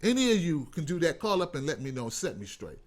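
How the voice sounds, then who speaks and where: Man, call-in host, fiery and emphatic, high voice, swooping pitch. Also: sing-song, quick pace. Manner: impassioned, profane, emphatic. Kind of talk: heated call-in show rant.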